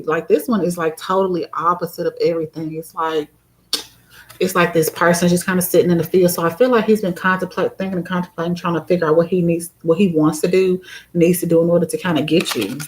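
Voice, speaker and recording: Woman tarot reader with a sore throat, lower voice, giggly and loose. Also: a little mellow, rough recording. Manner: chatty, giggly, lots of fillers. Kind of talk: casual live-stream tarot reading.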